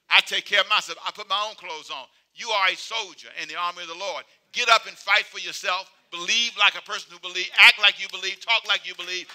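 A male preacher with a high, piercing, sharply bright voice delivers a sermon. He hammers repeated phrases in call-and-response style, pushing hard one moment and dropping to a low murmur the next. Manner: swings between loud exhortation and quiet, low asides.

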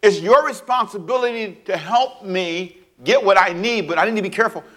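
A man preaching a sermon in an animated way, acting out little scenes with sound effects and playful asides. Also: high-pitched, a little fast. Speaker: pastor.

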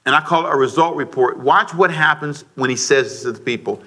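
A middle-aged man preaching a sermon to a congregation, lively and joking, rising to shouts. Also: fairly high pitch, brisk. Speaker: pastor. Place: church sanctuary before a congregation.

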